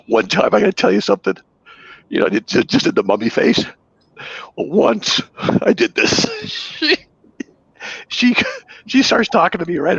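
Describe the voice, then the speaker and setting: A man's voice: high voice, creaky, a bit bright, husky, dry recording, highs cut off. A man hosting a casual livestream, telling playful stories and laughing often. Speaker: ministry host. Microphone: webcam.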